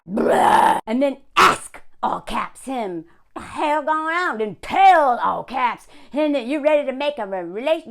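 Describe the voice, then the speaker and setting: Woman vlogger, exasperated reaction commentary, high bright register, big lively swings. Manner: exasperated, sarcastic, talks straight to the column writer. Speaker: vlogger reacting to an advice column. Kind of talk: casual commentary reading aloud.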